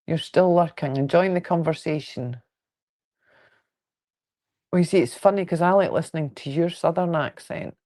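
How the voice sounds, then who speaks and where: A woman's voice: lowish voice, moderate pace, pauses often, warm tone. A woman with a Fife Scottish accent, chatting casually and frankly on a quilting livestream at home, rambling and joking while answering viewer comments. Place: at home indoors.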